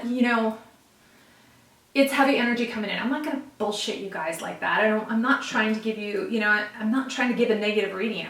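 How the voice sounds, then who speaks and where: A woman's voice: mid-range voice, far from the mic. A woman giving a casual tarot reading, talking bluntly with tough-love encouragement to her viewers. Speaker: tarot reader. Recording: echoey room, voice a bit off-mic.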